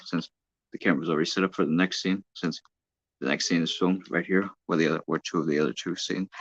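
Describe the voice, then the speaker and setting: Chatting on a phone live-stream while filming toy trains at home, a man rambles and keeps correcting himself. His voice is low with vocal fry, slightly bright and breathy, and the dull lo-fi phone audio carries no room sound.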